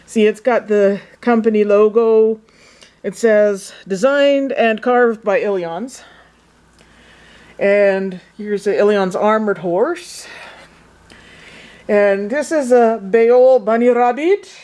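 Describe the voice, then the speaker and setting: A woman's voice: mid-range voice, takes it slowly, darkish tone. A woman in a casual show-and-tell vlog, chatty and enthusiastic, rambling with restarts as she shows her work. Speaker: vlogger.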